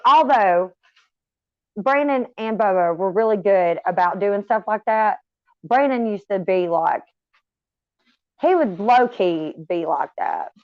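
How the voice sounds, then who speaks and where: Low-voiced, rambling, profane middle-aged woman. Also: no echo. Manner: chatty, swears freely, wanders off on tangents. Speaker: vlogger talking to viewers. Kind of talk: casual rambling chat. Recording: slightly dull, dry recording.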